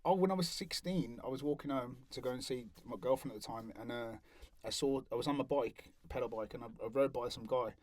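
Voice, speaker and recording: Fast-talking man telling stories. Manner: animated, acts out other people's lines in higher voices. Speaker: interviewee. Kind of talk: candid storytelling interview.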